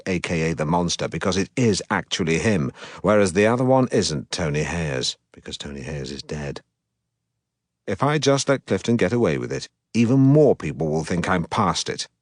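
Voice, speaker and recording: Narrating his own life in an audiobook, a self-important middle-aged broadcaster keeps a deadpan, pompous delivery. The low voice is captured close and dry, without any echo or room around it.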